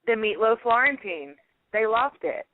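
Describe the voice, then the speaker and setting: A woman's voice: on the high side, expressive, unhurried, no room sound. A woman is talking over a thin, tinny phone line in a chatty, storytelling way. She laughs often as she talks. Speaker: guest. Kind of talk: casual phone interview.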